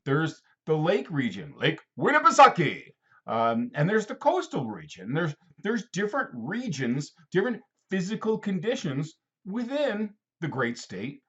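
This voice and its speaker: A man's voice: a little high, a bit bright, breathy edge, muffled recording. A man teaching a casual geography lesson, rambling and playful, talking straight to a student.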